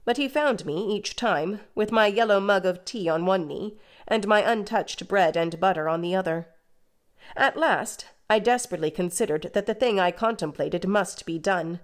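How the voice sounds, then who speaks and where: Woman narrating a classic novel. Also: mid-range voice. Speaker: audiobook narrator.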